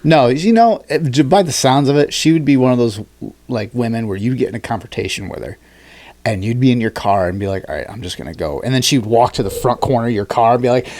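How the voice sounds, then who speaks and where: A man co-hosting a casual podcast chat, swearing freely and acting out people he talks about in shrill mock voices. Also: fast. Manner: animated, swearing, acts out high-pitched shrieking quotes. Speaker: podcast co-host.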